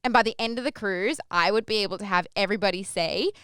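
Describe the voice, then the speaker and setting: A young Australian woman talks through a story at her own pace, rambling a little and full of asides. Her voice is very smooth and resonant, with no room sound around it. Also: mid-range voice, rapid-fire, hardly any pauses, dry recording. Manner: chatty, rambling, lively when acting out her stage intros. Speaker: podcast host. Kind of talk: casual storytelling.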